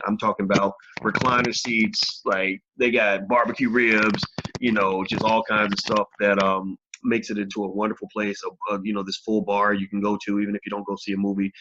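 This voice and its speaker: This is a man with a lowish voice, hosting a casual livestream and talking straight to his viewers. He is frank and swears without holding back. The audio is dull and lo-fi. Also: fairly bright tone. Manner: frank, talks to viewers directly, swears freely. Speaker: host of a live video channel.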